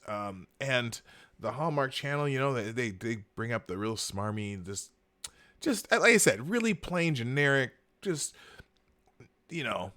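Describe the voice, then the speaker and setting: A male live-show host talks at an unhurried clip, his pitch bouncing from low grumbles up to high exclaims. He rambles through sarcastic asides, filling gaps with ums and breaking into laughter often. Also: a bit bright. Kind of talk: casual live-stream commentary.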